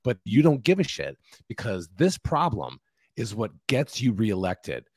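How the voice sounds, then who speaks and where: A man's voice: on the low side, big pitch swings, a little slow, darkish tone, husky, dry recording. A man with a mid-range voice that swings up and down a lot as he talks. He is blunt and scornful, swears freely, and is recorded close and dry like a podcast co-host. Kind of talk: casual political discussion.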